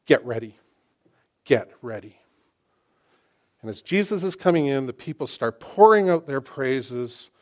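A middle-aged man preaching a sermon in an animated, excitable, conversational way, often restarting his sentences. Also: medium pitch, a little slow, pauses often.

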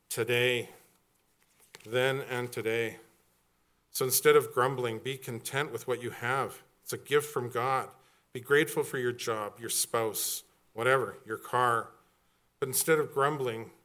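A man's voice: medium pitch, a bit bright. Middle-aged man, pastor, casual sermon delivery with humor. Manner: conversational, jokey, acts out quoted voices.

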